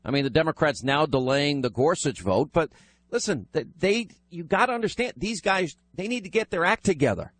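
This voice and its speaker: Male talk radio host, firm and fast-moving, a touch higher than most men. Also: animated.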